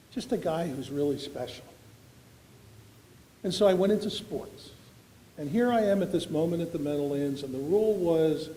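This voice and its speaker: A man's voice: a little high, warm tone, slight background noise. A man, giving an after-dinner award speech full of folksy, self-deprecating anecdotes. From Philadelphia. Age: 70s. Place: large banquet hall. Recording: echoey banquet hall recording.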